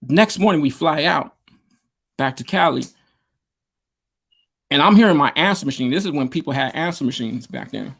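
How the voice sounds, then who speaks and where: A man's voice: on the high side, lively intonation, normal speed, creaky, long pauses, a bit bright. A man, a DJ and producer, telling stories in a casual interview, rambling with lots of fillers and slang over a video call. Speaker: guest, DJ and producer.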